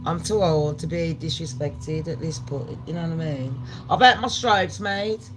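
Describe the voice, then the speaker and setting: A woman's voice: deep voice, moderate pace, soft background music. Brash profane woman host. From Jamaica. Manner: brash, profane, swings loud and animated. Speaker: channel host. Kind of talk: casual live-stream chat.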